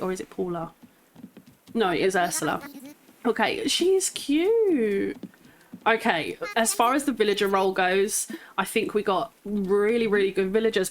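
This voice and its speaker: A woman giving excited gameplay commentary as a gaming YouTuber, gushing with nervous laughter and squealing bursts of joy. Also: medium pitch, a little slow, low-quality recording.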